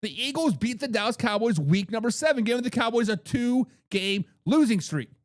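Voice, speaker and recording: A man's voice: very high-pitched, lively intonation, normal speed. A man hosting a sports talk show, making hyped, trash-talking predictions and repeating lines for emphasis. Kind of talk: animated sports predictions monologue.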